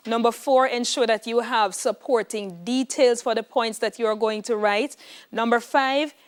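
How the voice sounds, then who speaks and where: A woman teaching a televised exam-prep lesson, giving clear, emphatic tips in a studio classroom. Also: on the high side.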